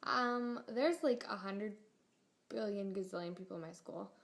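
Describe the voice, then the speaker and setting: A woman's voice: mid-range voice, slow, creaky, pauses often. A teenage girl vlogging a rambling, exasperated rant, full of fillers. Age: teens. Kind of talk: casual rant to camera.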